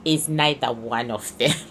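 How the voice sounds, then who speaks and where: A woman with a low-pitched but bright, forceful voice talks through a casual card reading. She speaks emphatically and keeps circling back to restate her points. A faint hiss sits under her voice. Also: slow. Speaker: psychic reader.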